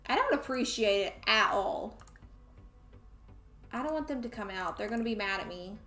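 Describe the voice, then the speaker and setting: A woman's voice: fairly high pitch, lively intonation, moderate pace, sharp tone. A young woman from Tennessee with a Southern accent, chatting casually while streaming a game and talking to her viewers and the game's characters. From Tennessee, USA. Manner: chatty, talks to the game and chat. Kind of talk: casual gameplay chat. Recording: roomy echo, faint music.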